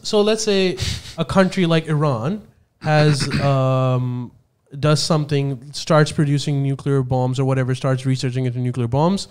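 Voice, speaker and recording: A man explaining a political issue on a podcast, stopping and restarting with plenty of fillers as he works through his points. His voice sits a little on the high side. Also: a little mellow. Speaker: podcast co-host.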